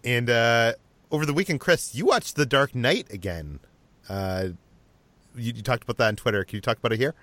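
A man's voice: medium pitch, expressive, a little fast, fairly bright tone, no room sound. A man hosting a podcast in casual, rambling chat, asking his co-hosts questions.

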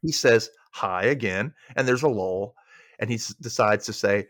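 Animated man retelling a sitcom. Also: on the low side, normal speed, no echo, studio quality. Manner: animated retelling, acting out lines. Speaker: podcast co-host. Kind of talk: recapping a sitcom episode.

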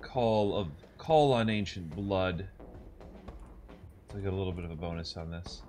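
A man playing in a tabletop game, chatting casually with quick, playful reactions. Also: low-pitched. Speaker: player.

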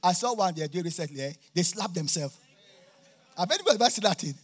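A pastor preaches a sermon at a church campmeeting, jovial and laughing often, with occasional bursts of shouting. His voice is high, expressive and fast, with a breathy edge.

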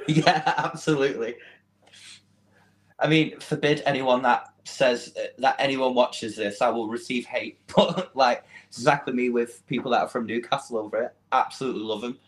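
A man's voice: medium pitch, steady tone, moderate pace, rough recording. A man from England with a Mancunian accent, talking casually as an interview guest. He is chatty and self-deprecating, and he laughs often.

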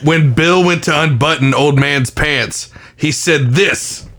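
A man's voice: on the high side, takes it slowly, noisy background. A man co-hosting a podcast, making joking, teasing interjections. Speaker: podcast co-host. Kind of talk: casual banter.

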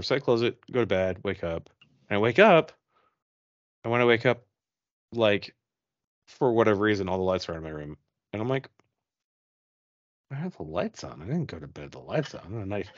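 On a podcast, a man with a lowish voice casually tells a ghost story, rambling and swearing as he acts out his own reactions in an animated retelling. There's no echo, but the audio is dull.

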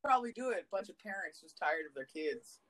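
A woman co-hosting a podcast, telling stories in casual chat, swearing a lot and swinging her pitch up and down. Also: quick pace, background noise. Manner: profane, animated storytelling with big swings in pitch. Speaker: podcast co-host.

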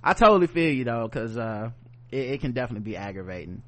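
A man co-hosting a podcast in loose casual chat, cussing freely and thinking out loud as he reads listener comments. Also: medium pitch, big pitch swings, quick pace. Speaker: podcast co-host.

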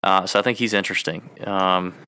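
A man's voice: deep voice, fairly even intonation, fairly quick, sharp tone, clear, resonant tone. A man co-hosting a casual golf fantasy podcast, teasing his partner with a ribbing, joking manner. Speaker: podcast co-host. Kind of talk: casual sports betting chat.

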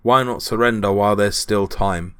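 A man's voice: fairly low pitch, fairly even intonation, normal speed, bright, forceful tone, smooth. A man doing a taunting officer in a posh British accent. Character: mocking German officer putting on a posh British voice.

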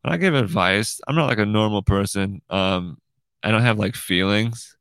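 Young man, host, low voice, gravelly, rambling, profane, dry close sound. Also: normal speed, a bit bright, no echo. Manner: profane, rambling, ends lines with "dude" and "right?". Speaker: podcast host. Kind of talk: casual monologue. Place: room in his house.

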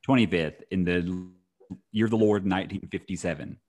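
A man's voice: low voice, moderate pace, a little mellow, a little hiss or hum. A young man co-hosting a casual podcast, dry and wisecracking. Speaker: podcast co-host.

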